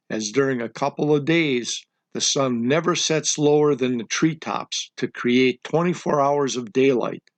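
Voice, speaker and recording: A man's voice: medium pitch, rough recording. Man narrating a nature documentary. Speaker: show host and narrator.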